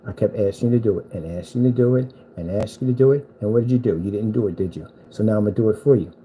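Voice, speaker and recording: A man's voice: fairly low pitch, rapid-fire, warm tone, slight background noise, poor audio. A man delivering a boastful, taunting rant at a rival screen maker, repeating himself for emphasis. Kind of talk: trash-talking rant at a rival.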